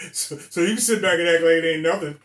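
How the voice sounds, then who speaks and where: A man's voice: fairly high pitch, a little fast, a bit bright. A man in his sixties from Rhode Island, ranting bluntly and emphatically to the camera with plenty of profanity. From Rhode Island, USA. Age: 60s. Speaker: vlogger. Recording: echoey room.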